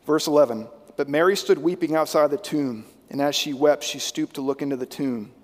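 A man preaching a sermon as pastor, swinging between loud emphatic lines and hushed, intense ones. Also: fairly high pitch, a little fast, long reverb tail.

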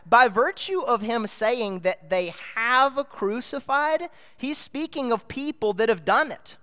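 Male preacher, high voice, earnest teaching sermon, big hall echo. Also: expressive, a little slow, sharp tone. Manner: earnest, explanatory, rising to emphatic peaks. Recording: long hall reverb.

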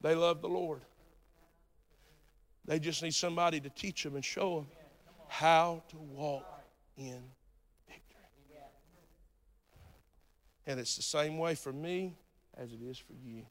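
A male pastor preaching a sermon in a church, talking straight to the congregation and swinging from soft, close words to loud emphatic lines. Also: fairly high pitch, fairly even intonation, slow pace, long pauses. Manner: talks directly to the congregation. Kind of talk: sermon with altar call. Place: church sanctuary. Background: soft live music, piano and guitar.

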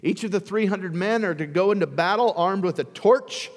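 A man's voice: high-pitched, moderate pace, long reverb tail. A male pastor preaching a sermon in a conversational way, often putting questions to the congregation.

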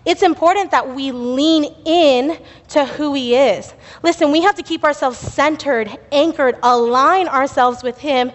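A woman's voice: sits high, a little slow. A young woman giving a sermon in church, telling a personal story in a chatty, laughing way. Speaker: youth speaker at church. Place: church sanctuary. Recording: reverberant church hall.

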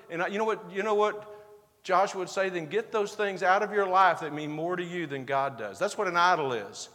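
A man's voice: high voice, fairly quick, sharp tone, big-room sound. A man preaching a sermon as pastor, building to emphatic bursts and acting out the back-and-forth quotes of the passage.

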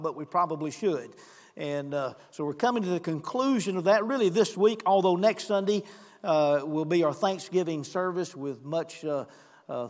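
A man delivers a Sunday sermon from the pulpit, earnest and emphatic as he reads scripture. His voice sits a bit higher than most men's. The sanctuary rings with a long reverb. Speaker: pastor. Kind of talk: sermon with announcements and scripture reading. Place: church sanctuary.

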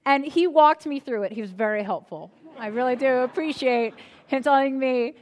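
A woman's voice: sits high, normal speed, a little mellow. A woman pastor preaching a sermon in a conversational style, telling humorous personal stories.

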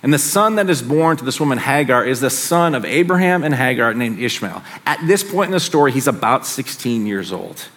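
A man's voice: medium pitch, animated, a little fast, few pauses, fairly bright tone. A middle-aged man preaching a sermon in a conversational way, with casual asides. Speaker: pastor.

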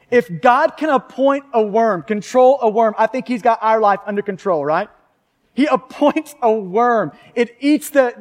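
A man preaching a sermon, talking conversationally and asking the congregation rhetorical questions. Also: very high-pitched. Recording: long hall reverb.

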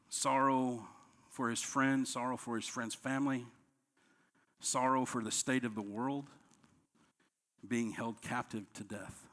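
Pastor guy preaching, mid pitch voice, goes quiet and low then pipes up loud on the quotes. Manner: preaching with strong swings between soft, low lines and raised, higher quoted outbursts. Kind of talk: sermon.

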